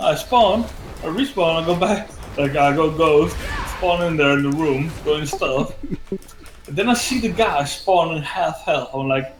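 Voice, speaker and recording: A gaming streamer tells a gaming story in casual chat, rambling and swearing with lots of filler words. His voice is a little high at a moderate pace, recorded in an echoey room with faint game music.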